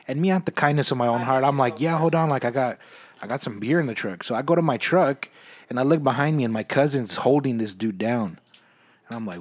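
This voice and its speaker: Young man, casual podcast host, slangy storyteller, mid-pitched. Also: brisk. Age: young adult. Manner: laid-back, slangy, animated storytelling. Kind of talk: casual banter.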